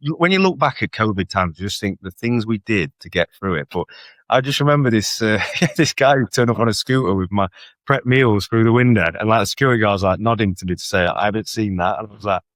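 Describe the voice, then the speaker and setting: A man telling stories in a casual interview, animated, often checking in with tag questions. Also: fairly low pitch, fast, no echo. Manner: animated storyteller with frequent tag questions and laughter. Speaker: guest bodybuilder.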